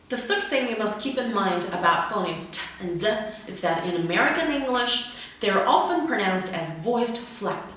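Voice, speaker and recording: A woman's voice: medium pitch, animated, fairly bright tone. A woman teaching English pronunciation, carefully modeling words one by one in a lesson. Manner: careful, deliberate word-by-word modeling. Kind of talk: instructional lesson with read-aloud examples. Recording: very echoey room, mic far away.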